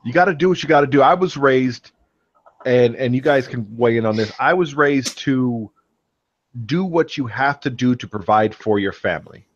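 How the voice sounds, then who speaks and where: A man's voice: medium pitch, expressive, normal speed. A man talking earnestly and steering the topic in an online group chat. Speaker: chat participant. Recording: muffled call with faint noise.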